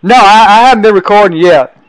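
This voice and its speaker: A man's voice: high voice, a little fast, smooth, low-quality recording. A man hosting a podcast from home, talking eagerly in casual interview style with frequent restarts. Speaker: podcast host. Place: home in a tiny town.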